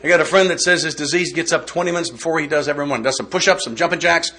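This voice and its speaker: A man's voice: fairly high pitch, very fast, pushed and bright. A man giving a recovery step study talk, folksy and joking in a conversational way. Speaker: workshop speaker.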